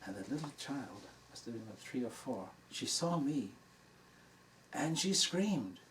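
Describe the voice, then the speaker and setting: A man's voice: medium pitch, expressive, normal speed. Older man, teacher telling a story to a hall audience, easygoing, self-amused, recorded from a distance with a faint hiss. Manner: warm anecdotal storytelling, laughing at his own story. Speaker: dharma teacher. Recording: distant mic in a room with faint noise.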